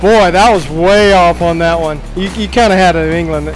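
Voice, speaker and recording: Music plays beneath this man's high voice as he wanders a ship at a moderate pace, questioning people in roving interviews. His manner is playful and he teases the crew throughout.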